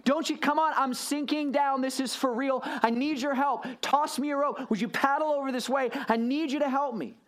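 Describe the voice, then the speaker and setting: A man's voice: very high-pitched, steady tone, normal speed, hardly any pauses, a bit bright, pitched above the performer's own voice. A male preacher acting out a panicked grown man who is sinking in water and begging his friends for help, in a strained, pleading voice. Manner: frantic, pleading, raised voice.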